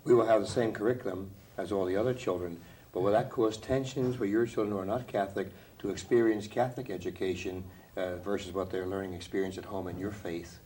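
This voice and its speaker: A man who is a pastor, asking probing questions on a TV panel in a slightly halting way. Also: sits low, steady tone, darkish tone, slight background noise. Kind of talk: studio panel discussion.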